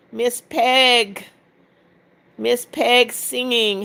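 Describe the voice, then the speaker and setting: A woman's voice: on the high side, steady tone, slow, vocal fry, sharp tone. A woman in her seventies hosting a live stream, reading out viewers' comments and greeting them one by one in a motherly way. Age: 70s. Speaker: livestream host.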